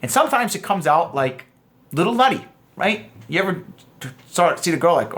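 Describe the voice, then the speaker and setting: A man in his thirties giving a casual dating lesson, animated, acting out quoted lines in shifting voices. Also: sits high, normal speed. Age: 30s. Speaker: dating coach.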